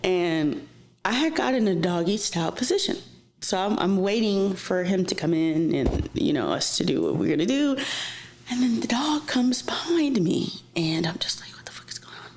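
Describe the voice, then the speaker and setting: A woman's voice: mid-range voice, animated, normal speed, darkish tone, a little hiss or hum. A woman talking through her own stories as a guest, plain-spoken and profane. Her talk is full of casual fillers, and she sometimes sinks to a near-whisper for effect. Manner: frank and profane, many fillers like "like" and "um". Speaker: interview guest. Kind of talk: casual storytelling. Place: office.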